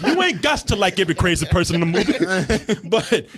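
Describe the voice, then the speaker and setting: Excitable high-voiced man reviewing films. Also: brisk, a crowd in the background. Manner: excitable, laughs often, rambles with restarts. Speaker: film review host. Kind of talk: casual podcast chat.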